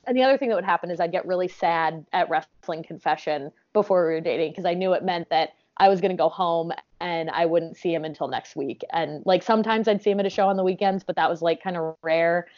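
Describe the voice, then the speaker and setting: Chatty woman guest, lowish voice. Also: a little mellow, dry recording, highs cut off. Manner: chatty, laughs often, many "like"s. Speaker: podcast guest. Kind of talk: casual podcast interview.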